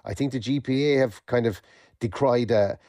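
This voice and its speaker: A man with an Irish accent giving a sports news report on the radio, measured and full of fillers and restarts. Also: mid-range voice, dark tone, no echo, studio quality. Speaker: sports correspondent.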